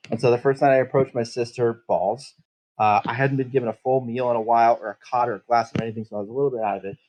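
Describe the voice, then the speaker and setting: A man's voice: mid-range voice, steady tone, quick pace, a little mellow, dull audio. A man playing a tabletop game, telling his character's backstory in first person, bitter and full of swearing. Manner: profane, bitter, rambling storytelling.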